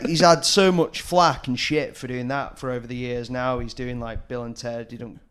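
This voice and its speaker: A man's voice: medium pitch, steady tone, normal speed, fairly bright tone, clean tone. A man rambling through stories as a podcast co-host. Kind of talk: casual comedy banter.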